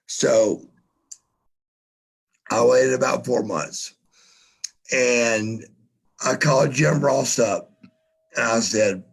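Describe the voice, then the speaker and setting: A man's voice: medium pitch, extremely slow, creaky, long pauses, breathy edge. A man telling a story as a podcast guest, stammering, repeating himself and swearing often. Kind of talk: casual storytelling.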